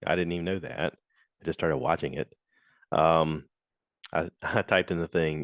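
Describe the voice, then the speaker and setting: Man, very deep voice, dry close mic, rambling casual podcast chat, acts out quotes. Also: sing-song, normal speed, no room sound. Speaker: podcast host. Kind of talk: casual solo review chat.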